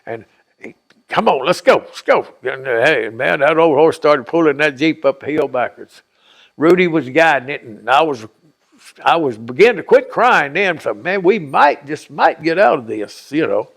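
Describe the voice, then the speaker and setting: An older man with a gravelly, rough-edged voice set a touch above the usual male pitch, spinning a rambling, folksy childhood tale. He slips into the voices of the people in his story as he goes. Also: animated, moderate pace, fairly bright tone. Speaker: oral history interviewee.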